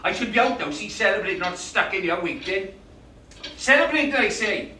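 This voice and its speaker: In a live stage monologue, a male actor plays a cantankerous older British man in a hospital waiting room, ranting, complaining, swearing, and bossing people around. His gruff voice is high and sharp, a little fast, captured from a distant mic in an echoey, roomy theatre.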